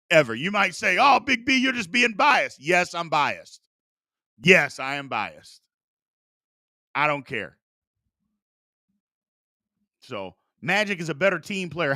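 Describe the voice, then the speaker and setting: A man's voice: fairly high pitch, pushed and bright, no room sound, clean studio sound. A man hosting a sports talk show, arguing his opinions emphatically and repeating points for emphasis.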